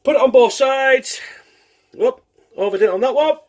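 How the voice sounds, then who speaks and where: A man's voice: very high-pitched, normal speed, darkish tone. A man hosting a casual home cooking show, chatty, laughing and swearing as he works in his kitchen.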